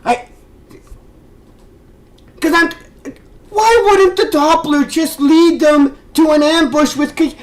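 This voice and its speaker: A man's voice: very high voice, slow pace, pauses often, rough recording. Exasperated sarcastic man ranting. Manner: exasperated, sarcastic, swears, stammering restarts. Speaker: video reviewer. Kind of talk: ranting commentary.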